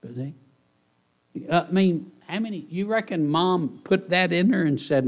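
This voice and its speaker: A man preaching a sermon in church, folksy and animated, often asking the congregation rhetorical questions. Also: sits high, normal speed. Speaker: pastor.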